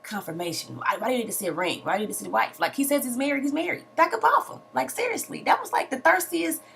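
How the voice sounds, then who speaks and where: A young woman recapping a reality TV episode in a sassy, animated way, full of slangy asides and mock outrage. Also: high-pitched, fast talker, creaky, a little hiss or hum. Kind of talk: casual recap commentary.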